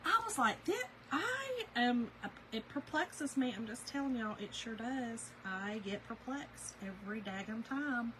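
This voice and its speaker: A woman's voice: a little high, normal speed, few pauses, background noise. A woman, chatting and laughing as she tells a story to her viewers while working on a craft project. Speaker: craft video host.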